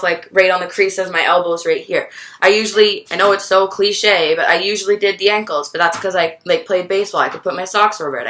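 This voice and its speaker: A young woman vlogger telling a personal story to the camera, candid and halting, swearing freely. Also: fairly low pitch, pushed and bright.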